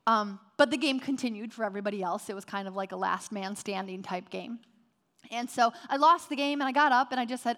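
A middle-aged woman pastor giving a sermon and telling lively personal stories. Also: fairly high pitch, fast talker. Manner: storytelling, animated.

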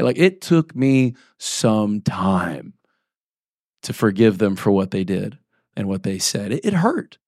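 A man's voice: on the low side, big pitch swings, unhurried, darkish tone, no room sound, clean studio sound. A man in his forties preaching a sermon as a pastor, talking in a loose, conversational way, often checking in with "right?" and "okay?", and reading scripture aloud between plain asides.

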